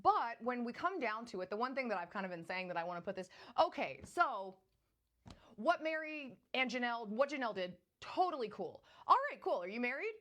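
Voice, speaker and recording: A woman's voice: a little high, big pitch swings, brisk, fairly bright tone. A woman hosting a casual recap, chatting sarcastically and speaking straight to her viewers. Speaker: host.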